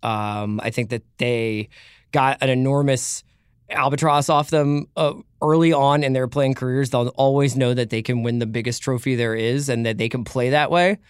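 A man in a casual sports podcast chat, talking in animated, rambling runs with jokes and restarts. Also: medium pitch, moderate pace, clear, resonant tone, no room sound, clean studio sound.

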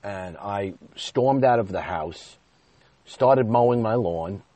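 A man's voice: fairly low pitch, expressive, takes it slowly, dark tone. A man in his thirties telling a personal story in a candid, confessional way, rambling at times.

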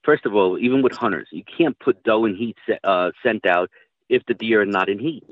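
A man's voice: on the low side, a little fast, dry recording. A man telling hunting stories in casual chat, rambling and swearing freely. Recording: dry tinny phone-like line.

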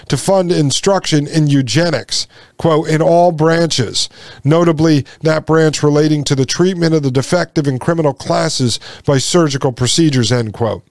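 A man's voice: a little high, a little mellow, dry recording, studio quality. A man hosting a commentary show, reading out passages and reacting with emphatic indignation to his listeners. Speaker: podcast host. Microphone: sunglasses on camera, studio mic.

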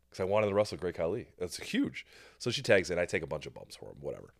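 A man with a very low voice hosts a casual podcast chat, telling his story with energy and acting out the other people's lines. He swears freely. The recording is dry and close to the mic. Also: fast talker, no room sound. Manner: animated storyteller, swears freely, acts out quotes. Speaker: podcast host.

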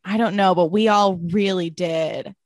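A woman co-hosting a casual TV recap podcast, chatty and swearing, with quick asides. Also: on the low side, fairly even intonation, dry recording, clean studio sound. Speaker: podcast co-host.

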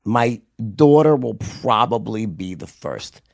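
Guest, man, middle-aged, New York accent; gravelly, animated, swears freely, restarts sentences. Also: on the low side, slow pace, no echo, studio quality. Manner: animated, profane, loud impressions with repeated restarts. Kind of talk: candid storytelling in conversation.

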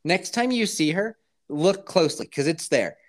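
A man spins a comic tale with a lively, swooping voice that rises and drops all through the telling. His talk is casual and full of swearing, and he breaks into quick impressions of how others reacted. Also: fairly high pitch. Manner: animated, profane, acts out others' reactions.

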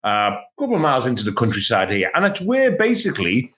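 A middle-aged man from England, a podcast co-host telling football anecdotes in a lively, stumbling chat. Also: medium pitch, quick pace. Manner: anecdotal, animated, lots of restarts. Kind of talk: casual chat, storytelling.

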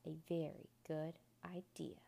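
A woman voicing a young boy on a quest in a storybook reading, speaking high and eager. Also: level tone, measured pace, gravelly, mellow, full character voice.

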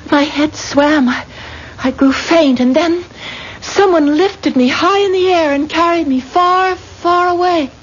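A high-voiced young bride. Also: female voice, a little slow. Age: young adult. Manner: earnest, emotional. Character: young bride, dreamy and defiant. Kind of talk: radio drama acting. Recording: dull lo-fi radio play with faint noise.

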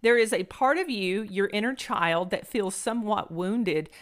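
A woman's voice: medium pitch, moderate pace. A middle-aged woman hosting a podcast, giving an earnest motivational monologue and repeating phrases for emphasis. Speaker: podcast host.

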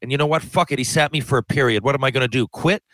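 A man in casual chat as host, talking in a low easy tone and swearing now and then. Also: very fast, a bit bright, dry recording.

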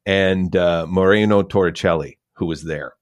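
Deep-voiced man telling a relaxed anecdote. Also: normal speed. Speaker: podcast co-host. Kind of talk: casual podcast chat.

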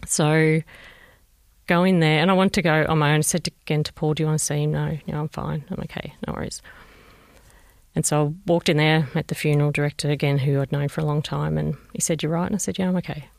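Australian mum telling her story, gentle and thoughtful, bit of a gravelly fry, dry mic. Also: low-pitched, steady tone, quick pace, no room sound. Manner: reflective, gentle, re-enacts conversations. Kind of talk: personal recollection, interview.

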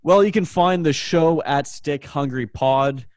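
A man's voice: fairly high pitch, measured pace, darkish tone, no echo. Jokey rambling podcast host man. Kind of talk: casual chat.

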